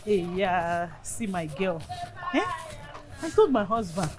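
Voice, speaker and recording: A woman's voice: lowish voice, sing-song, slow, over music. A woman with a Nigerian accent playing a fussy, dramatic housewife who exclaims and scolds. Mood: soothing. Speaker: madam of the house.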